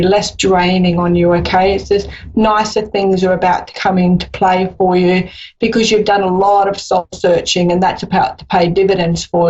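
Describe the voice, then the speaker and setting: A woman's voice: medium pitch, darkish tone, lo-fi sound. A woman with an Australian accent hosting a live psychic call-in radio show, talking in an encouraging, rambling way with many fillers.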